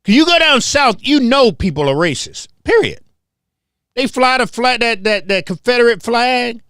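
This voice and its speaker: A high-voiced man from Memphis hosts his own show, talking in a heated, confrontational monologue. His pitch swings widely as he repeats his points for emphasis. The sound is dry and close. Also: lively intonation, moderate pace, a bit bright, clean tone, no echo. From Memphis, southern US. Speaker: host.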